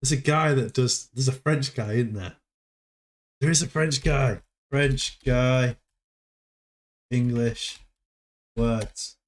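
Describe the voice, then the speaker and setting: The host of a casual livestream, a man with a mid-range voice, talks slowly and pauses often. He plays a teasing quizmaster, testing a viewer on foreign phrases, coaxing him along, and cheering him on.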